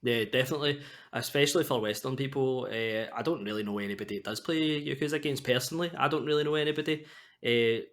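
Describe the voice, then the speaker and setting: A man's voice: mid-range voice, quick pace, a bit bright. Easygoing man explaining games. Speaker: podcast co-host. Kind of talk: casual chat.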